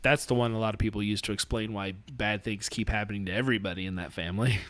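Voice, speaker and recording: A man's voice: lowish voice, fairly even intonation, quick pace, a bit bright. A man co-hosting a podcast in casual chat, rambling and laughing often as he loses his train of thought. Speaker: podcast co-host.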